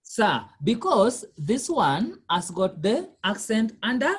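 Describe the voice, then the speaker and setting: A woman's voice: mid-range voice, very animated, takes it slowly, breathy edge. A woman tutoring a learner one-on-one, patiently repeating questions and quizzing the learner as she explains. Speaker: language tutor. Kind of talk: one-on-one lesson.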